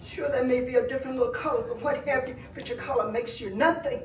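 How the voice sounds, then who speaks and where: Older woman, high voice, pleading hard at a public meeting, sounds far off in a boomy room. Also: steady tone, quick pace, roomy sound, muffled recording, a little hiss or hum. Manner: impassioned, swinging from soft grief to loud anger. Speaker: grieving relative giving public comment. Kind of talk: impassioned public comment at a board meeting. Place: village board meeting room.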